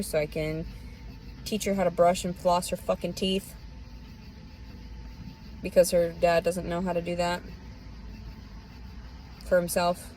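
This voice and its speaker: A woman's voice: fairly low pitch, a little mellow, a little hiss or hum, rough recording. Bitter, cursing woman with a Southern accent. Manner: bitter, profane, rambling. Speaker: vlogger. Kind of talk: unscripted personal rant.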